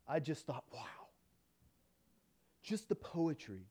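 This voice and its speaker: Preaching at a slightly slow pace, this male pastor's medium-pitched voice moves from hushed intensity to loud emphasis and back. Playful quoted dialogue livens the stories he tells in his sermon.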